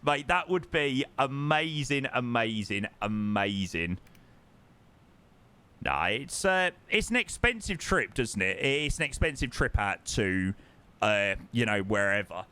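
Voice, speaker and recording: A man's voice: a little high, bright, forceful tone, clean tone. A young man chatting casually on a live flight sim stream, greeting viewers, reading chat aloud and humming to himself.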